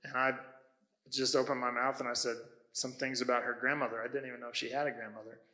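Pastor, male, preaching. Bright, forward tone; conversational, stops and restarts mid-sentence. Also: mid-range voice, level tone, fast talker, rough recording. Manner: conversational storytelling with self-corrections. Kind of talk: sermon.

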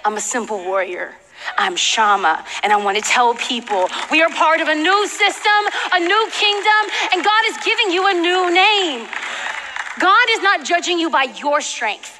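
A woman preaching a passionate sermon to a church audience, moving between hushed, intimate moments and shouted declarations. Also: very high-pitched, lively intonation, normal speed, a crowd in the background. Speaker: guest preacher. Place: large church hall with audience. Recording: reverberant church hall, faint noise.

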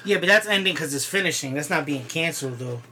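A man's voice: fairly high pitch, lively intonation, quick pace, bright, forceful tone, a little hiss or hum. A man co-hosting a podcast in laid-back, casual chat, chiming in with short comments. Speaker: podcast co-host.

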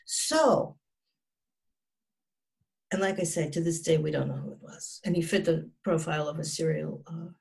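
A woman's voice: low voice, normal speed, creaky, pauses often, darkish tone. A woman in her sixties, a psychotherapist, telling a personal story as an interview guest in an earnest, emphatic way, often restarting and dropping her voice at grim moments.

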